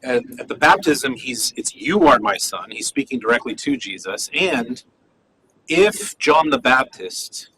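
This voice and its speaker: A man's voice: medium pitch, expressive, unhurried, sharp tone, husky, rough recording. A man teaching a class on a Bible passage, talking conversationally and checking in with "right?" as he goes. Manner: conversational, many fillers and "right?" asides. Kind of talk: classroom lecture on scripture.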